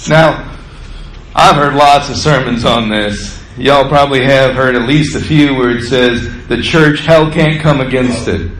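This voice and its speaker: Animated preacher, echoey church. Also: male voice, a little slow, slight background noise. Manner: animated preaching, acts out quotes with rising pitch and volume. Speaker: pastor. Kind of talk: sermon. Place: church sanctuary. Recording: echoey church room, faint ambience.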